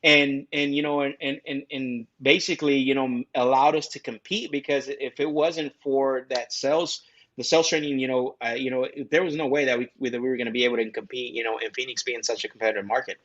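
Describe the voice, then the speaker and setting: A man's voice: mid-range voice, steady tone, a little fast, fairly bright tone. A young man chatting casually as an interview guest, talkative and full of restarts. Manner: talkative, says "bro" a lot, many restarts. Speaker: guest, real estate salesman. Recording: dull lo-fi audio.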